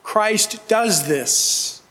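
A man's voice: high-pitched, lively intonation, very slow, fairly bright tone. A man preaching a sermon as pastor, earnest and emphatic, pleading with his listeners. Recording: long hall reverb.

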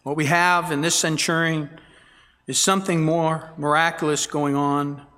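A man preaches a sermon with earnest emphasis, reading verses aloud and dwelling on key words. His voice sits somewhat high for a man. It rings out with a long reverb through a church sanctuary. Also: steady tone, a little slow, pushed and bright. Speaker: pastor. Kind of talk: expository sermon.

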